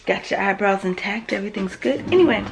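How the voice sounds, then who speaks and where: A woman whispering her casual, rambling morning vlog in a dark home kitchen, phone camera held close. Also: medium pitch, fast talker, vocal fry, background noise. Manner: whispering softly so the kids sleep; chatty, rambling, self-conscious. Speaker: vlogger, mother of four.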